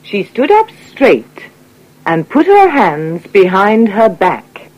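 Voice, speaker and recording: A woman reading an English coursebook unit aloud in clear, scripted narration. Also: medium pitch, muffled recording. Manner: clear, measured reading with lively intonation. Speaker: textbook audio reader.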